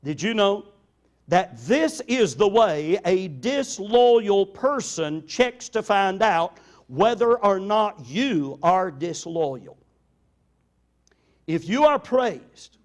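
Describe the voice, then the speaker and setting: Older pastor, man, fairly high voice, earnest sermon storyteller. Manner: earnest storytelling, slows down for emphasis.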